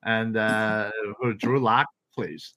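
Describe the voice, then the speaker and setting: A man's voice: lowish voice, steady tone, takes it slowly, fairly bright tone. A man co-hosting a sports podcast panel in loose casual chat. He jokes brashly and throws out trash talk. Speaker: podcast co-host.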